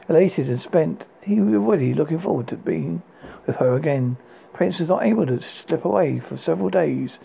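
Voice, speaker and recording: A man reads a dark fairy tale aloud, stumbling over words and restarting lines. His voice is gravelly and husky, a little high for a man. The recording is tinny and phone-like. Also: a little hiss or hum. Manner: halting read with restarts. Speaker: audiobook narrator.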